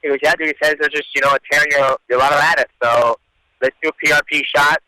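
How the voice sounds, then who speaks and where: A man answering interview questions in relaxed storytelling, casually swearing. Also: a little high, quick pace, dry recording, low-quality recording. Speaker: guest athlete, UFC champion.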